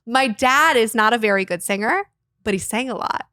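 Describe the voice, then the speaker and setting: A woman guest, a voice teacher and arts nonprofit founder, talking in a casual interview in an animated, expressive way with frequent laughter. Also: fairly high pitch, normal speed, dry recording.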